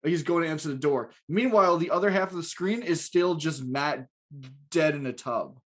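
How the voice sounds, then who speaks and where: A man's voice: fairly high pitch, normal speed, fairly bright tone. A man co-hosting a podcast, reading stage directions from a script and chatting in a crude, joking way, often laughing. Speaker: podcast co-host. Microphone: podcast mic.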